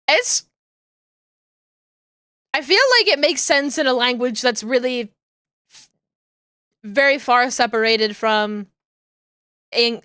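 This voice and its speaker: Chatty woman streamer rambling to chat, crisp clear voice, dry close sound. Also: on the high side, sharp tone, dry recording. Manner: chatty and rambling, with frequent fillers and restarts. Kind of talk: casual chat with viewers.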